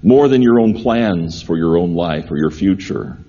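A man's voice: sits low, expressive, moderate pace, warm tone, dull audio. A man preaching a sermon, earnest and repeating key phrases for emphasis. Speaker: pastor.

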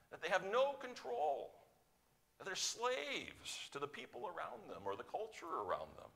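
A man preaching a sermon, moving between emphatic loud stretches and quiet, slowed-down points. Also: medium pitch, gravelly. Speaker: pastor.

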